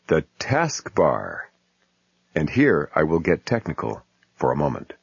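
A man reads a comic essay in a wry, deadpan way. His voice is deep and a little husky, and it rises and falls a lot. It sounds close and dry on a dull lo-fi recording. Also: no room sound. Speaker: humor columnist reading his piece. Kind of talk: reading a humorous essay. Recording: muffled lo-fi recording.

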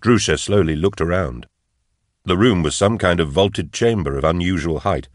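Deep-voiced male narrator for an audiobook, measured delivery, dry studio sound. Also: no echo. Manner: measured, even storytelling. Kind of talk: scripted narration.

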